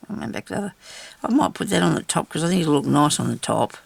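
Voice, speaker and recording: Very gravelly older woman crafting. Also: low-pitched, lively intonation, fast talker, no echo. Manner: rambling, talks to herself while working. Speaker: craft channel host. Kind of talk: casual crafting chat.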